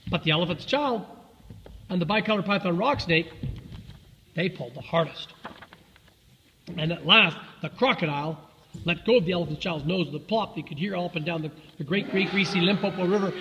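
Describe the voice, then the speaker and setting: A man reading a children's story aloud in a relaxed way, with fillers and self-corrections. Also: on the high side, brisk, long pauses, big-room sound, slight background noise, rough recording.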